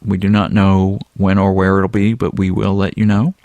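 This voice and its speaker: A man co-hosting a podcast, relaxed and chatty with plenty of ums and uhs. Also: low voice, moderate pace, dry recording, lo-fi sound. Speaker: podcast co-host. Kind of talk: casual podcast chat.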